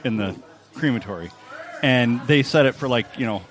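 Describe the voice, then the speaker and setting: A man's voice: medium pitch, lively intonation, moderate pace. A man co-hosting a casual comedy podcast, telling wry, morbid stories in banter. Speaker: podcast co-host.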